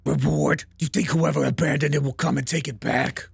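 A man reading the lines of a cryptic talking bird in a lower, grave, admonishing voice while playing a game. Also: steady tone, fairly quick, gravelly, slightly rough, dry recording, heavily acted. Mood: stern warning.

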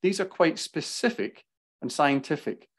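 A man with a Glaswegian Scottish accent giving a business talk with slides, speaking quickly and passionately. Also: on the high side, expressive. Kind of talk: presentation with slides.

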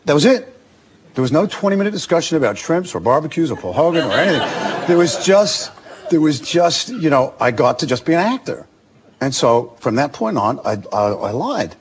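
An Australian actor in his forties, a talk-show guest telling lively anecdotes and acting out other people's voices. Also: on the high side, normal speed, slight background noise. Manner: animated storyteller, acts out other voices. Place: television studio.

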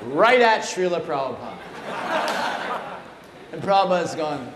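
A man gives an animated, playful storytelling talk at a temple. His voice sits slightly high for a man. The room is echoey, and a faint hiss runs underneath. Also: measured pace, a crowd in the background. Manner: animated, playful anecdotes with acted quotes. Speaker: speaker at a temple.

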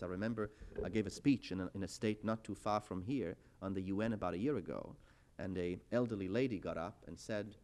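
A man's voice: lowish voice, a little mellow. A middle-aged man giving a university lecture with a wry, anecdotal manner and storytelling asides.

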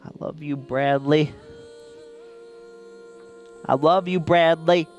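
A man's voice: on the high side, fairly even intonation, slow, darkish tone, muffled recording, faint music behind. A man playing a gushing, sentimental new mother in an improvised comedy bit, fawning over her baby. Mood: cooing. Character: gushing, doting new mother, middle-aged woman. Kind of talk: improvised comedy role-play on a stream.

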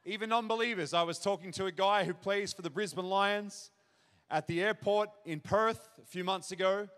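Earnest and direct, a man preaches a sermon to the audience in a church auditorium, building up to emphatic questions. His voice is high-pitched and fairly bright at normal speed, and the hall is reverberant.

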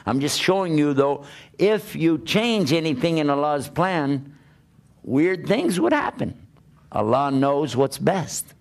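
Gravelly-voiced man preaching with animated questions. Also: on the high side. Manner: animated, plays out quoted voices and asks rhetorical questions. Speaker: Islamic preacher. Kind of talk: religious talk to an audience.

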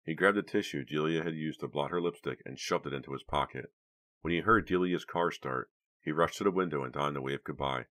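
A man narrating an audiobook in steady, measured scripted narration. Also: a bass voice.

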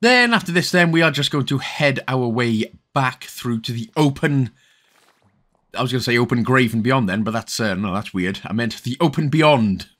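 A man's voice: medium pitch, expressive, normal speed, a bit bright. A young Welsh man giving casual, jokey, rambling commentary over a game walkthrough. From Wales. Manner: rambling, jokey, self-correcting.

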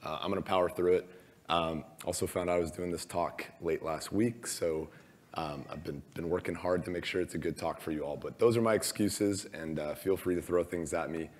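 A hoarse man who has lost his voice gives a casual, self-deprecating conference talk, with many ums and uhs. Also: low-pitched, fairly even intonation, fairly quick. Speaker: conference speaker. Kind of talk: conference presentation. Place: large conference hall. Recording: long reverb of a large hall.

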